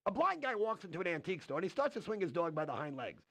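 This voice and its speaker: A man playing a brash nightclub comic in a game, telling jokes with quick set-ups and punchlines and switching into the voices of the people in them. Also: high voice, sing-song, vocal fry, fairly bright tone, no room sound, full character voice. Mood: joking. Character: brash fast-talking male nightclub comic. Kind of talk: stand-up joke delivery.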